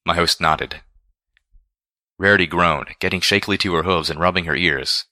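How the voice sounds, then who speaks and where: A man reading a first-person story aloud in a measured, deliberate way. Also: sits low, fairly even intonation, sharp tone, no echo, studio quality. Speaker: audiobook reader.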